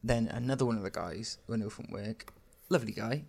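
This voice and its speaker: A man's voice: lowish voice, fairly quick, vocal fry, a little mellow. A man co-hosting a comedy podcast, who rambles through stories with lots of fillers and swearing. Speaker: podcast co-host. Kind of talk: casual comedy chat.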